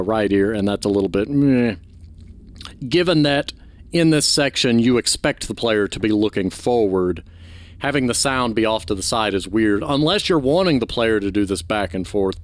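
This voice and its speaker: A man commenting casually while playing a video game, offering critique as he goes. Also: mid-range voice. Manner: chatty, critiquing, offhand. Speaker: gaming channel host. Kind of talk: let's play commentary.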